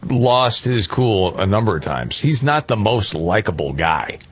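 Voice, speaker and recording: A man co-hosting a talk radio show, telling sports stories in an animated, excitable way. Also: lowish voice, measured pace, slightly rough, no room sound. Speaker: radio co-host. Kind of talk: casual talk radio banter.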